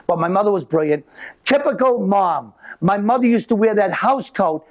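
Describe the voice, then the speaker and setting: High-voiced comic telling stories. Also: male voice. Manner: animated storytelling with quick asides. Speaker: stand-up comedian. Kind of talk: stand-up comedy set. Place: live comedy venue with audience.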